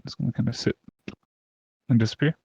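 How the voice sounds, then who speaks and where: A man running an online tabletop game as game master, talking in a relaxed, rambling way with many fillers. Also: brisk, dry recording.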